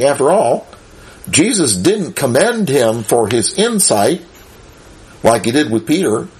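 Husky-voiced man teaching the Bible. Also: mid-range voice, big pitch swings, a little slow, darkish tone. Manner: chuckles often, asks the listeners rhetorical questions.

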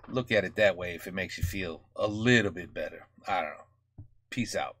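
American man, reaction host, bright tone, close dry mic, talks in fits and starts. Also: low-pitched, moderate pace, no room sound. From United States. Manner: thinking aloud, many fillers and restarts. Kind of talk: casual reaction commentary.

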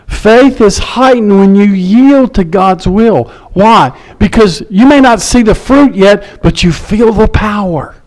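A male pastor delivers a sermon with a high-pitched voice. He is animated and acts out the people he quotes, shifting his voice for each one. His tone moves between emphatic peaks and softer, lower asides. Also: slow pace, hardly any pauses, rough recording.

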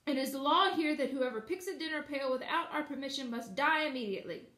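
A woman's voice: high voice, quick pace, sharp tone, echoey room. A woman voicing the cruel, pompous male leader of wheeled creatures, harsh and accusing. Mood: threatening.

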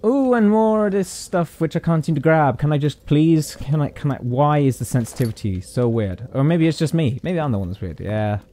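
A man's voice: on the high side, animated, normal speed, few pauses, mellow. A British man commentating a horror game, jittery and jokey, chatting to objects as he goes. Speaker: gaming YouTuber. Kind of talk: horror let's-play commentary.

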